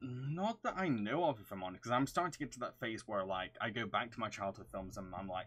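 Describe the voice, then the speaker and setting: A man with a mixed London and Yorkshire accent, casually answering viewer questions on a livestream. He talks in a crisp, over-enunciated way, reads questions aloud and hums to himself between them. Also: on the low side, a little fast, few pauses, a bit bright. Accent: mixed London and Yorkshire English. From England. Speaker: streamer answering chat.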